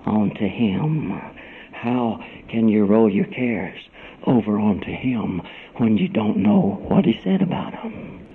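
A man preaching a sermon, swinging between loud cries and hushed whispers and calling the congregation "brother". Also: mid-range voice, a little hiss or hum. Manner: dramatic swings from shouts to whispers. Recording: tinny phone-like radio broadcast.

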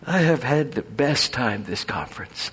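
A man preaching a folksy, animated sermon full of storytelling and chuckles. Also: mid-range voice, measured pace.

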